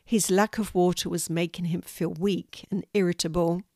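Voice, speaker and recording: An older woman reading a children's story aloud in a clear, measured storytelling voice. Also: fairly low pitch, steady tone, darkish tone, no echo, clean studio sound.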